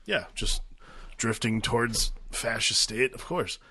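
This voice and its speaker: A man's voice: medium pitch, lively intonation, measured pace, pushed and bright, husky. A man in his thirties co-hosting a podcast, talking casually, agreeably, and swearing freely. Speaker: podcast co-host.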